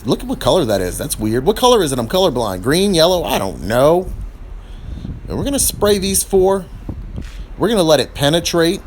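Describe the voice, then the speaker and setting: A man's voice: fairly high pitch, very animated, normal speed. A middle-aged man chatting his way through a DIY tire review, rambling and growing frustrated as he works on his car outdoors. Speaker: product reviewer. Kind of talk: casual DIY review vlog. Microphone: phone camera. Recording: noisy outdoor phone recording.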